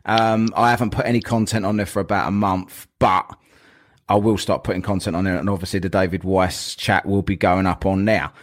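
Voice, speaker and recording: A man's voice: low-pitched, fairly even intonation, brisk. Rambling, jokey man hosting a podcast. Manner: rambling and jokey, with frequent fillers. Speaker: podcast host. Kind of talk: casual podcast chat.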